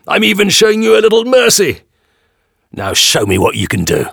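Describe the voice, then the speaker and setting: A man voicing a cruel, arrogant bailiff who shouts mocking orders in an audio storybook. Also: on the high side, very animated, normal speed, vocal fry, no room sound, studio quality, voice pushed up, exaggerated voice. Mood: commanding. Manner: shouting, taunting, commanding.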